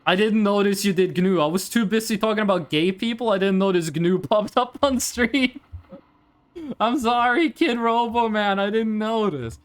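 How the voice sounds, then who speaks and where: A man from Norway, chatting to viewers during a live game stream in an animated, joking, rambling way. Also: high voice, normal speed.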